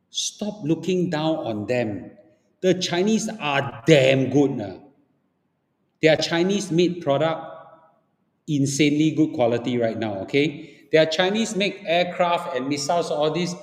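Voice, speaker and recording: A man with a Singaporean accent giving an opinionated livestream talk, blunt and lecturing, often checking in with "okay?" and "ah". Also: a little high. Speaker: livestream host. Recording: echoey room with long reverb.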